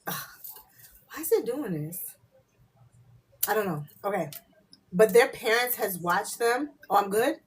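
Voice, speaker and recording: A woman's voice: lively intonation, measured pace, long pauses, breathy edge. Woman doing a live spiritual reading, chatty, swears, laughs a lot, mutters side comments, medium voice. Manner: chatty, swears freely, laughs often, drops into low asides. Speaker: spiritual reader hosting a live stream. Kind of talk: casual live-stream reading.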